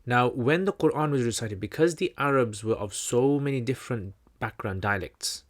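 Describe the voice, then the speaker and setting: A man's voice: medium pitch, moderate pace. A man hosting a livestream Q&A, teaching in a loose, conversational way, full of fillers and restarts. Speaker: channel host answering questions.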